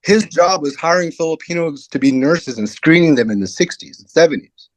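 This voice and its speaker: A middle-aged man, a comedian guest, telling a personal story in a candid, animated way and acting out the voices of the people in it. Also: on the high side, fairly quick, no room sound. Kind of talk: casual interview storytelling.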